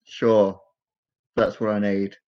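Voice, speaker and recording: A man's voice: lowish voice, level tone, slow, smooth, lo-fi sound. A man voicing a sarcastic male mage who is afraid of being captured, speaking with dry irony.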